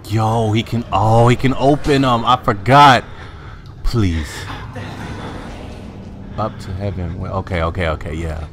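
A young man playing a horror game, swearing, talking to the character he controls and yelling high when scared. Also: a little slow, long pauses, noisy background. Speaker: gamer. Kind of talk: horror game let's play commentary.

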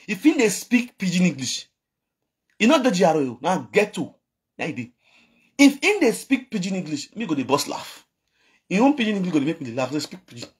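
A man's voice: high voice, slightly rough. A man with a Nigerian accent ranting in a vlog, scolding and mocking, repeating his phrases and laughing between lines. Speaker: online commentator.

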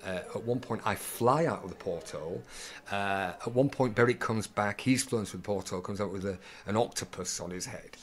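A man, an actor guest, telling animated anecdotes in an interview, stumbling and restarting often. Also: on the low side. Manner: animated, halting with many restarts, acts out voices in quotes.

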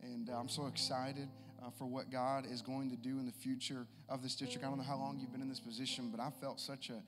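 A man preaching a sermon, moving from easy conversational talk to shouted exhortation. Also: mid-range voice, level tone, fast. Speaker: pastor. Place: church sanctuary. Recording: long hall reverb with music. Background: live guitar and keys.

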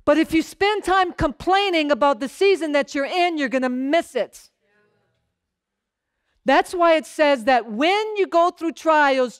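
In a dry, studio-quality recording, a woman pastor shares her sermon as a conversational story. She often checks in with the congregation, and she acts out short bits of dialogue by lowering her voice.

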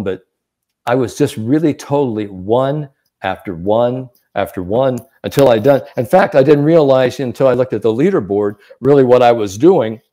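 Guy coaching the mental game, mellow dark voice, acts out quotes as he tells stories. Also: medium pitch. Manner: animated storyteller, acts out quotes. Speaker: sports psychologist guest. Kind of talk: coaching advice in podcast chat.

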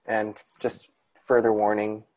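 A man with a Southern American accent and a fairly low voice talks casually on a writing podcast. He rambles and often restarts his sentences as he explains an idea. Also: completely flat delivery, unhurried, a little mellow. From southern United States. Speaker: podcast co-host.

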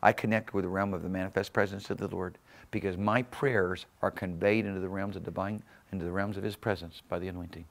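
A man with a low, gravelly voice preaches to a church congregation. He drives his points home with sudden loud surges and easy chuckles. His words carry the conviction of a seasoned pastor at the pulpit. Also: steady tone, fast, hardly any pauses. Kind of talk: sermon. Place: church sanctuary.

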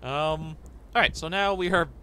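A young man hosting a let's play of a horror game, excitable and jumpy, yelping and chattering to viewers. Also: a little high, normal speed, slight background noise. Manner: excitable, jumpy, laughs and yelps often. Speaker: gaming channel host.

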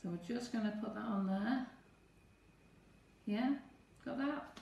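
A woman's voice: fairly high pitch, slow, gravelly, a little mellow, distant mic, lo-fi sound. A woman teaching cake decorating on a live stream, chatting to viewers as she works through each step. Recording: echoey room, away from the mic.

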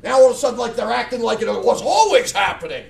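A man's voice: extremely high pitch, big pitch swings, fast talker, gravelly. A middle-aged man preaching a blunt, fiery sermon with many restarts. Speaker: pastor. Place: church sanctuary. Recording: echoey room, mic far off.

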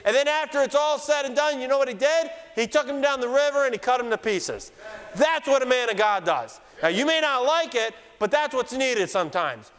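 A man preaching a fiery sermon in church, mocking opponents and shouting for emphasis. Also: very high-pitched, smooth. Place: church sanctuary. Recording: long church hall reverb.

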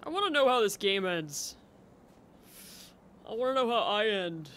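A man commentating a horror game as he plays, talking to himself, jumpy and quick to exclaim and laugh. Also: high-pitched, very animated, bright, forceful tone, a little hiss or hum. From United States. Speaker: gameplay commentator. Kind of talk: let's play commentary.

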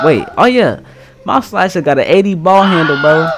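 A young man giving casual, slangy gameplay commentary, trash-talking and swinging from mumbles to yells. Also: on the high side, animated, normal speed, a little hiss or hum. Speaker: gaming streamer.

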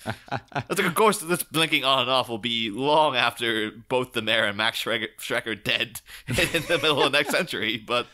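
A man's voice: mid-range voice, normal speed, sharp tone. A man hosting a podcast, chatting casually and quoting film scenes with lots of laughter. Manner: chatty, quotes scenes in character, laughs a lot. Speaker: podcast host. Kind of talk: casual chat.

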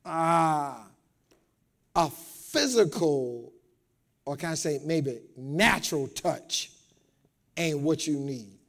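A man preaches a sermon, speaking straight to his congregation and asking them to answer back. His voice sits high and swings widely in pitch. He repeats words and climbs from quiet asides to shouted peaks. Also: expressive, takes it slowly, creaky, pauses often. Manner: call-and-response preaching, rising to shouts. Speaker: pastor. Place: church.

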